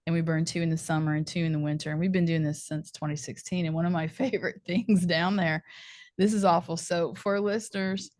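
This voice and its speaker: A woman hosting a podcast, chatty and animated, laughing often as she talks. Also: fairly low pitch, fairly quick, dry recording, clean studio sound. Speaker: podcast host. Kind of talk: podcast interview.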